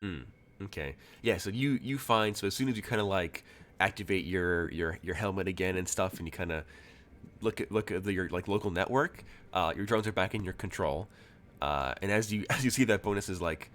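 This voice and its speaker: A man's voice: deep voice, a little fast, fairly bright tone. A man narrating as game master, rambling with many fillers and restarts.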